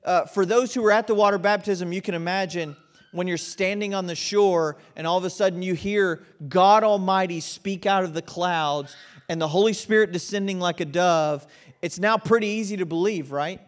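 High-voiced man preaching a sermon. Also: normal speed. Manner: conversational preaching with frequent "right?" asides. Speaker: pastor. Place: auditorium.

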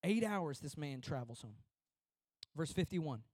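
A high-pitched male pastor preaching in a relaxed, conversational way, slipping into lively voices as he acts out people praying. The sound is close and dry, with no room around it. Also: a little slow, no echo. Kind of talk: sermon.

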